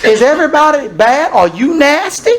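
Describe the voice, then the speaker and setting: Animated male preacher with lively pitch. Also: moderate pace. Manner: animated preaching, swinging from low asides to shouted exclamations; calls and questions aimed at the congregation. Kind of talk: sermon.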